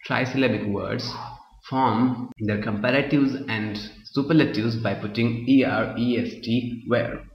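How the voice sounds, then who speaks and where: A man's voice: medium pitch, steady tone, measured pace. Male teacher in an echoey room. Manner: repeats points, keeps asking "Clear?". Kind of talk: classroom grammar lesson. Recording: muffled echoey room, voice drifting from mic.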